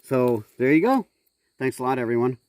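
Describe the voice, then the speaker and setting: Very animated and a little mellow, the mid-range voice of a middle-aged gold prospecting host comes through at normal speed with no room sound. He narrates his outdoor vlog casually, loosely, often restarting and using plenty of fillers.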